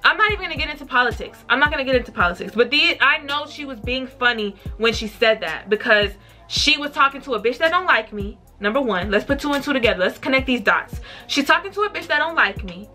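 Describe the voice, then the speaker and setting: A young woman vlogger telling a story in a blunt, profane and animated way. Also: high-pitched, quick pace, soft background music. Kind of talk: casual storytime.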